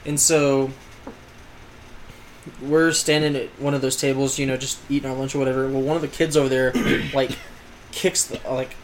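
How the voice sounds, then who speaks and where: A young man co-hosting a podcast, telling a high school story in rambling casual chat full of fillers and swearing. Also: little pitch movement, moderate pace, long pauses, slight background noise. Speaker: podcast co-host.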